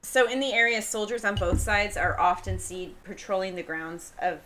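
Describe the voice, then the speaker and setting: Bright-voiced woman podcast host. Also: mid-range voice, moderate pace, slight background noise, low-quality recording. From Vermont, US East Coast. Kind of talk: casual podcast chat, reading ghost stories.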